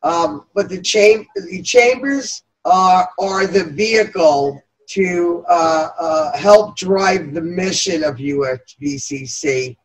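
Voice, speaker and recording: In a low-quality recording, a middle-aged New Yorker with a New York accent talks in a lowish voice about the veterans' chamber she co-founded. Her interview answers are sincere and halting, with frequent pauses and fillers.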